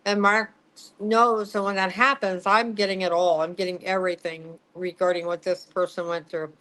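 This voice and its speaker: A woman's voice: lowish voice, flat delivery, moderate pace, fairly bright tone, low-quality recording. A middle-aged woman, a psychic medium, telling a story in an interview, laughing, swearing and acting out what people said.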